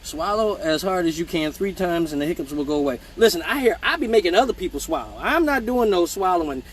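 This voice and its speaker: A man's voice: sits high, expressive, fast talker, husky. A man, a male exotic dancer, hosting a live question-and-answer show and telling a rambling, profane story with joking asides to his viewers. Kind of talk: casual storytelling on a livestream.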